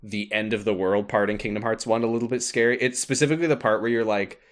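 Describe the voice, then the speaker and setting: Brief: low-pitched male podcast co-host, loose rambling chat, laughs a lot. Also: fairly even intonation, fast. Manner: rambling, filler-heavy, laughs often. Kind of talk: casual chat.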